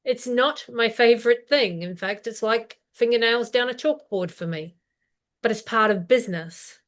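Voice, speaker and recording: A woman co-hosting a business live stream, practical and steady, asking questions aloud as she explains. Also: on the high side, moderate pace.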